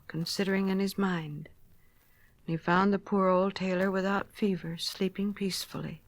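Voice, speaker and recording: Gentle woman reading a storybook. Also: on the low side, no echo. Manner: gentle expressive read-aloud, dropping to a hush.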